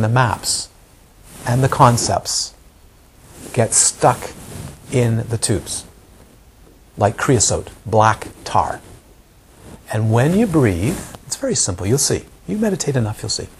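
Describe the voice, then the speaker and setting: A man's voice: mid-range voice, a little mellow, slight background noise. A man giving a meditation teacher's live talk to a group, often questioning the audience and acting out examples.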